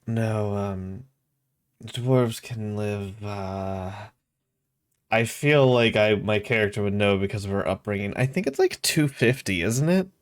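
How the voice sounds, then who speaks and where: Slow, low-voiced hesitant man. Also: clear, resonant tone. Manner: hesitant, speaks in character with halting questions. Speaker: player. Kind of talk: playing a tabletop game.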